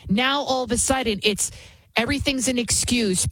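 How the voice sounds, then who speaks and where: Indignant middle-aged female host, husky tone, dry close sound, emphatic opinion delivery. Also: on the high side, normal speed, a bit bright, no room sound, low-quality recording. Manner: emphatic, indignant, repeats for stress. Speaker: show host. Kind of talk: opinionated commentary.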